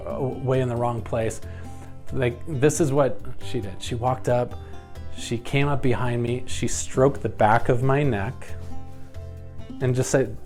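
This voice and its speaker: A young man coaching women viewers on relationships, talking earnestly and acting out his own reactions in lively quoted voices. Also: mid-range voice. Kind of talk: advice talk to camera.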